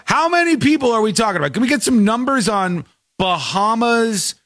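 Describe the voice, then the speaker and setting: A male co-host with a high voice that leaps up and down as he reacts in disbelief. He jokes and talks things through in a casual chat. The sound is dry and close. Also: a little fast, dry recording. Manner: incredulous, animated, jokey. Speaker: podcast co-host.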